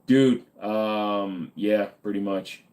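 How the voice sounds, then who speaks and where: A man's voice: on the low side, fairly even intonation, very slow, a little mellow. A tired man hosting a casual live stream, rambling and joking crudely with viewers, saying he feels dizzy. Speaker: livestream host.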